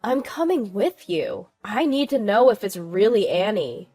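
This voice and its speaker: A woman voicing a hurt, shaken young wife and mother who speaks weakly and quietly, with faint background music. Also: medium pitch, sing-song, a little slow, no echo. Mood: firm.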